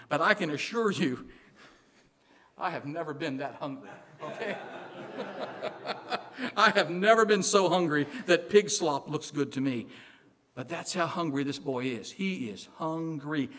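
A man from Illinois with a Southern accent, preaching a sermon in an animated, joking way, dropping quiet for emphasis. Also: on the high side. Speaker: pastor.

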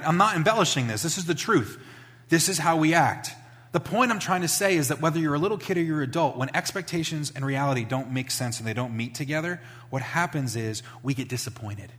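A male pastor giving a sermon in a conversational, animated storytelling manner, acting out voices as he tells stories. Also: medium pitch. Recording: long hall reverb.

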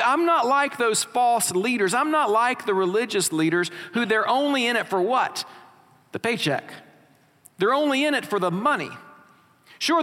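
A man's voice: high voice, bright, forceful tone. A man preaching a sermon as pastor, reading scripture and asking rhetorical questions of his congregation in a church. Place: church sanctuary. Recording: long hall reverb.

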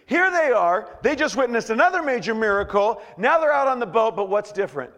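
A man preaching a sermon as pastor, animated and joking, acting out quotes with shouts and stammers. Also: very high-pitched, fairly quick, big-room sound.

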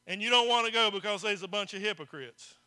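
A man's voice: sits high, fast talker, bright, forceful tone, clean tone. A man preaching a folksy sermon to his congregation, speaking to them directly. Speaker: pastor. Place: church.

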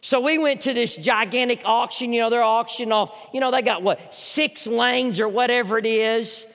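A middle-aged man preaching a sermon as pastor, moving between hushed, slow intimate passages and loud emphatic storytelling. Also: very high-pitched, fairly even intonation, big-room sound.

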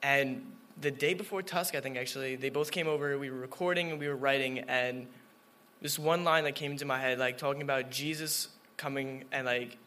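A man's voice: mid-range voice, steady tone, fairly quick, bright, forceful tone. A man who preaches, sharing his story casually and hesitantly, searching for how to put things. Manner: hesitant, groping for words. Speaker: student preacher. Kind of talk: casual personal testimony.

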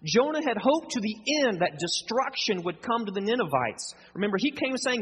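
A man preaching a sermon, acting out dialogue in a lively conversational way with a husky voice. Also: sits high, moderate pace, hardly any pauses. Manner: animated, acts out dialogue, conversational asides. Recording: long hall reverb.

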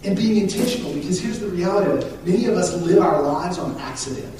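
High-voiced joking pastor in an echoey hall. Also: male voice, expressive, fast, dark tone. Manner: joking, conversational, with frequent restarts. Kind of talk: sermon. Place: church hall. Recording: echoey hall from far off, faint hiss.

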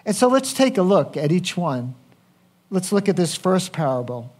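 A man's voice: high-pitched, sing-song, normal speed. A man preaching a sermon, speaking conversationally and asking the congregation questions. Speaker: pastor.

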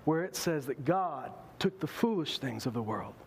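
High-voiced animated male preacher. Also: moderate pace, a little hiss or hum. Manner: animated, acts out quoted voices. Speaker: pastor. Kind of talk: sermon.

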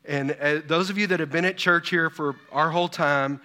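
High, bright-voiced preaching man in his fifties. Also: moderate pace. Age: 50s. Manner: animated preaching with rhetorical questions and personal stories. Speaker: pastor. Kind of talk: sermon.

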